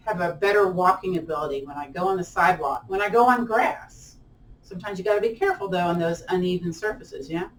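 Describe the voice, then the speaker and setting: A woman leading a gentle chair yoga class, talking her students through each posture in an encouraging, chatty way. She lets out cheerful whoops between the breathing cues. Her voice sits back from the mic, in a room with noticeable echo. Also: mid-range voice. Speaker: yoga instructor. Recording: echoey room, voice a bit far from mic.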